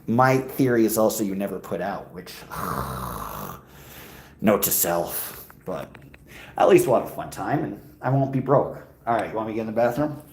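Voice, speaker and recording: A man's voice: lowish voice, big pitch swings, normal speed, vocal fry, a little mellow, a little hiss or hum. A man livestreaming while out walking, answering his chat in a joking, crude, rambling way. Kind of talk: casual chat. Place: walking outdoors in a city.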